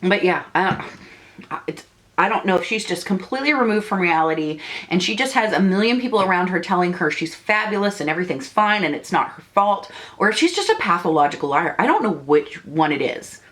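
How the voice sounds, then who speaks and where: A woman's voice: lowish voice, lively intonation, fairly quick, a bit bright. A young woman beauty vlogger chatting while she does her makeup, ranty and indignant, rambling with restarts. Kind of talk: casual chat while doing makeup.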